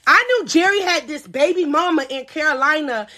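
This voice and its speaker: A young woman spins a storytime on a live stream, talking straight to her viewers. Her voice sits high and sounds bright, and she keeps it animated and profane, laughing as she goes. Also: brisk. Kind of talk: casual storytime chat to a live audience.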